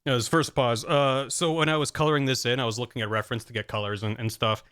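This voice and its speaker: A man's voice: mid-range voice, steady tone, quick pace, fairly bright tone. A young man chatting casually on a live stream, rambling with frequent stammered restarts.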